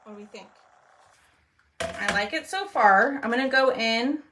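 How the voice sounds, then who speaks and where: A woman's voice: a little high, a little slow, background noise. A woman, chatting casually with viewers while she crafts on a livestream, trailing off as she concentrates.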